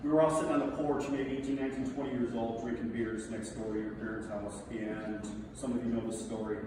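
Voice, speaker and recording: A middle-aged man giving a speech to a gathering, telling stories about an old friend with animated delivery and bursts of laughter. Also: mid-range voice, a little fast. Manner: animated storytelling, laughing through the punchlines. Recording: echoey hall, distant mic, background noise.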